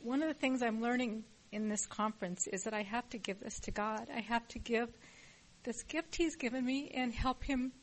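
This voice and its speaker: A woman's voice: on the high side, moderate pace, a little hiss or hum. A middle-aged woman sharing at a recovery meeting, earnest, open and emotional. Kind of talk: personal share at a support meeting.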